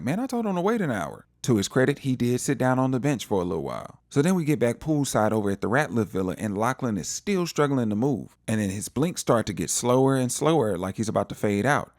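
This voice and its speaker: A man recapping a TV episode in a casual, animated storytelling way, acting out the characters' lines. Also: medium pitch, no room sound, clean studio sound. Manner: animated storytelling, acts out quotes. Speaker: TV recap vlogger.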